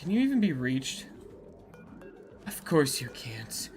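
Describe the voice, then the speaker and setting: A game streamer giving live gameplay commentary, swearing and yelling in exasperation at in-game characters. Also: medium pitch, big pitch swings, takes it slowly, faint music behind.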